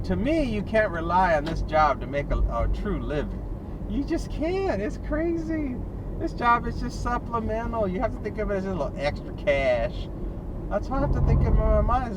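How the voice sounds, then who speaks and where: A man's voice: high-pitched, distant mic, very noisy. A man driving a delivery route, ranting and laughing to himself in a casual in-car vlog monologue. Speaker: delivery driver.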